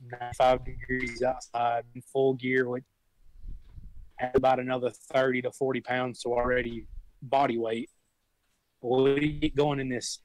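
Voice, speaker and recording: A man's voice: medium pitch, no echo, poor audio. A young man, a volunteer firefighter, telling stories in a rambling, folksy way with frequent restarts. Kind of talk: casual storytelling.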